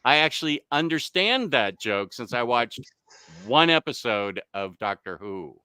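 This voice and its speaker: A man hosting a relaxed live chat show, reading comments aloud and laughing easily. His voice is bright and crisp. The mic is close and dry, with no room sound. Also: mid-range voice, measured pace, no echo. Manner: chatty, laughs often, loses his train of thought. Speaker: livestream host reading chat.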